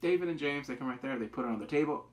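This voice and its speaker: A man casually reviewing a TV episode, excitable, acting out quotes with big jumps in pitch and swearing loosely. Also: rapid-fire. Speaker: TV show reviewer.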